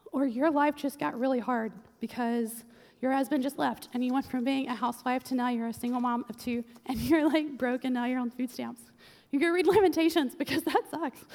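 A woman preaching a casual, humorous sermon, chatty with quick joking asides. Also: high-pitched, a little mellow. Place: church sanctuary. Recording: long church-hall reverb.

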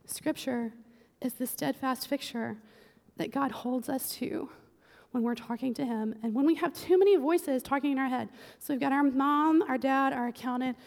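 High-voiced woman preaching with jokes. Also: gravelly, a little mellow. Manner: chatty, joking, quick asides. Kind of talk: casual humorous sermon. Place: church sanctuary. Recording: long church-hall reverb.

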